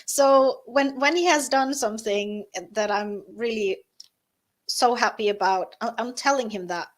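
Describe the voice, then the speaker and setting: This interview guest, a woman with a Norwegian accent, has a voice on the high side and talks a little slowly. She speaks live, quietly and tentatively, often using fillers and starting over.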